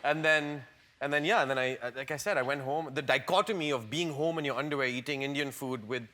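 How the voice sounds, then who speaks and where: A man, an actor guest in an interview, telling a self-deprecating story in an animated, stammering way. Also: mid-range voice, fast. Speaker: actor on a long-running TV series, interview guest. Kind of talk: casual anecdotal storytelling. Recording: clear background noise.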